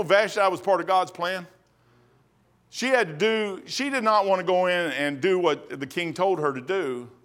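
A man delivering a sermon in a loose, folksy way, rambling through stories and acting out the voices along the way. His voice sits noticeably high for a man. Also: a bit bright. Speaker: preacher.

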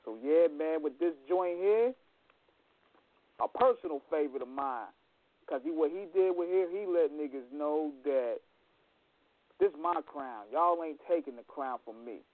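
A man's voice: fairly high pitch, lively intonation, a little slow, no echo. A man co-hosting a radio show who introduces tracks in a laid-back way. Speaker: radio co-host. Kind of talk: casual radio talk. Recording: dry, phone-like sound.

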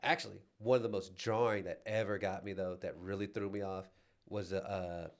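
A man's voice: sits low, steady tone, fairly quick. Laid-back man in casual chat. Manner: laid-back, swears, heavy use of "like". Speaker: podcast co-host.

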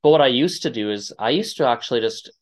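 A podcast host conducts a casual interview at an ordinary middle pitch, telling stories in a loose, meandering way with lively intonation and a quick pace. He acts out quoted lines with big leaps in pitch.

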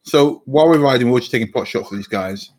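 A man's voice: mid-range voice, quick pace, a little mellow, a little hiss or hum. A man casually suggesting plans as a player in a tabletop role-playing game.

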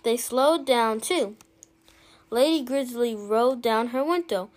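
A woman reading a children's picture book aloud in a slow, expressive way, lifting her voice for the characters. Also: a little high. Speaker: storybook reader.

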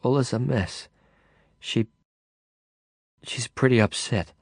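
Man reading as a young woman, soft raised voice, audiobook dialogue, dry close sound. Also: mid-range voice, takes it slowly, breathy edge, no room sound. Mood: shaken. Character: young woman, friendly then shaken and numb.

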